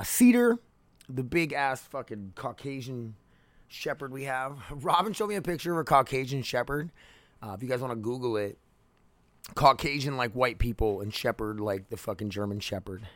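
Here the same kind of home podcast monologue comes from a young man with a mid-range, slightly bright voice, recorded on a podcast microphone without room sound. He rambles openly and swears a lot, sitting near the laundry room.

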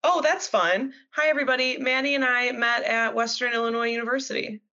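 A woman in her twenties co-hosting a casual chat, teasing her friend with quick banter. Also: on the high side, pushed and bright. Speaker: co-host. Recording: dull lo-fi sound.

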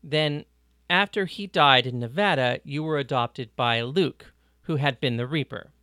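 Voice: medium pitch, unhurried, bright, forceful tone, no echo. Reader voicing a sincere guy in an audiobook, plain voice, dry, close. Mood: puzzled. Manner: earnest, puzzled questions. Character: friendly careful man, a guest at breakfast. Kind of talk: audiobook reading.

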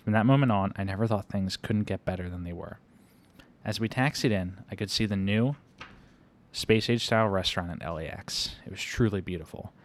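Low-voiced man reading a story. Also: brisk. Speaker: reader. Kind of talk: reading a first-person story aloud.

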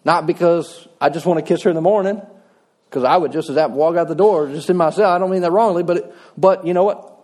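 A man's voice: on the high side, darkish tone. A middle-aged man, preaching a sermon in a folksy, conversational way with touches of humor. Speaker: pastor.

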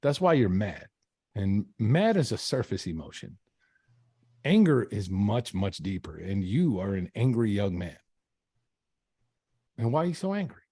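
A man's voice: on the low side, sing-song, a little slow, pauses often, dark tone, slightly rough, no echo, clean studio sound, exaggerated voice. A man putting on the voice of an insistent elderly male inmate who keeps calling across a hallway to coax him into talking. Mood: calm. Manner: coaxing, repetitive calls.

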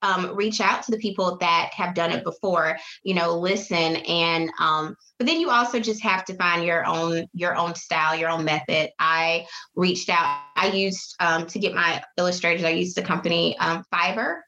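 Chatty woman with a bright voice. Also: on the low side, normal speed, lo-fi sound. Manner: chatty, lively, acts out quoted voices. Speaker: guest, children's book author. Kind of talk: casual interview chat.

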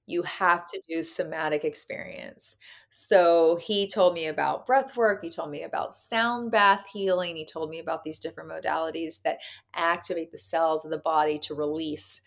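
A woman guest on a conversational podcast, recounting a personal experience with vivid emotion. Her voice sits slightly low, and she acts out the voices she quotes. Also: fairly bright tone. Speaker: podcast guest, actor and activist.

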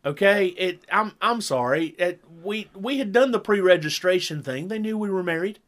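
A middle-aged man telling a long story in casual chat, animated and acting out what people said. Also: sits high, moderate pace. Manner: animated storyteller who acts out quotes. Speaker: podcast co-host.

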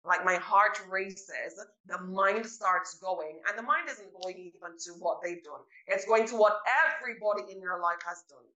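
Bright-voiced woman telling a story. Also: lowish voice, normal speed, hardly any pauses, echoey room, low-quality recording. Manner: animated storytelling, acts out her own past remarks. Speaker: podcast guest. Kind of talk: casual interview conversation.

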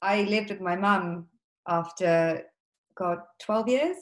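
Gentle, empathetic female interviewer; roomy echo on the voice. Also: mid-range voice, slow. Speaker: podcast host. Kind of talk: casual interview.

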